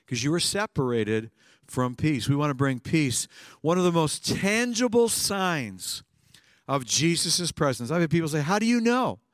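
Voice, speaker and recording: A male pastor preaching a sermon, swinging between hushed lines and emphatic bursts. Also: fairly high pitch, sing-song, unhurried, dry recording, studio quality.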